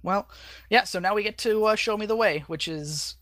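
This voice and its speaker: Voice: medium pitch, moderate pace, fairly bright tone, no room sound. Sarcastic, swearing podcast co-host, dry sound. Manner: loose, sarcastic, swears casually. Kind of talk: casual chat recapping a cartoon.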